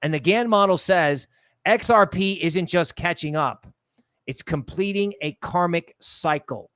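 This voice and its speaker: A man's voice: measured pace, fairly bright tone, no room sound, studio quality. Rambling, jokey male crypto streamer. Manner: rambling, jokey, trails off into low asides. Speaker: crypto livestream host. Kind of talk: casual livestream commentary.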